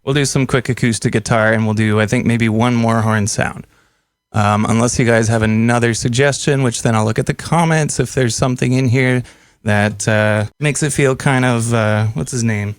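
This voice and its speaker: A man's voice: medium pitch, fairly even intonation, moderate pace, smooth, no echo. A young man hosting a music-making video, chatting casually and reading viewer comments as he works on a song. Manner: chatty, reads out viewer comments while working. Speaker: music producer and host.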